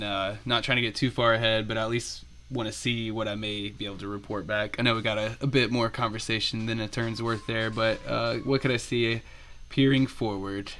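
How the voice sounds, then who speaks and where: A man with a bright, forceful voice talks through his moves in a tabletop game. He hesitates and restarts often as he plans aloud. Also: lowish voice, clear, resonant tone. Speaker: player. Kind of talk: casual tabletop game chat.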